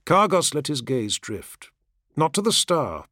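A man narrating fiction as an audiobook in a measured, dramatic reading. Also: on the high side, sing-song, pushed and bright, no room sound, clean studio sound.

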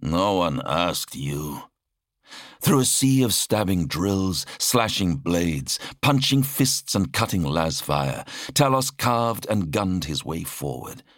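Male audiobook narrator, very deep voice, lively expressive delivery, dry close sound. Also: slow pace, hardly any pauses, dry recording. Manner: dramatic, expressive reading.

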